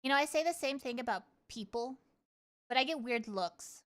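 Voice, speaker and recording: A woman rambles playfully through a live stream, dropping curses without a second thought. Her voice sits a little high and comes through smooth and crisp. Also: animated, normal speed, fairly bright tone. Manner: chatty, playful, swears freely. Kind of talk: casual livestream chat.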